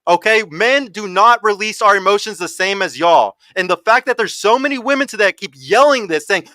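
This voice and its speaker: An American man hosting a dating podcast, arguing forcefully, swearing often and talking over his guests. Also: high-pitched, expressive, normal speed, few pauses, dry recording. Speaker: host. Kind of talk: heated panel debate.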